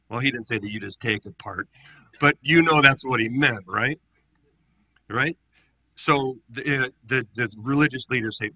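A pastor leading a Bible study, teaching in a conversational, animated way and often asking rhetorical questions. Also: male voice, mid-range voice, a little slow, slightly rough, no room sound.

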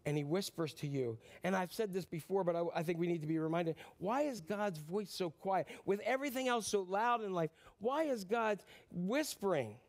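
A man preaching a sermon, animated, swinging from loud bursts to near-whispers and asking the congregation questions that he answers himself. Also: high-pitched, moderate pace, few pauses. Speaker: pastor.

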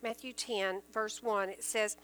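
A woman's voice: mid-range voice, fairly even intonation, measured pace, fairly bright tone, a little hiss or hum, low-quality recording. A woman teaching from the Bible, reading verses aloud and explaining them in earnest, plain everyday terms.

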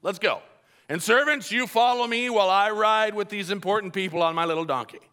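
A preacher doing a greedy, wheedling Balaam. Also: male voice, high-pitched, a little fast, pushed and bright. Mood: smug. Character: greedy eager male prophet, pleading.

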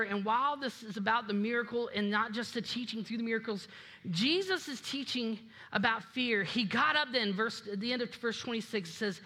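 A pastor preaching a sermon in a lively way, acting out quoted voices and dropping low and quiet for emphasis. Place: church sanctuary.

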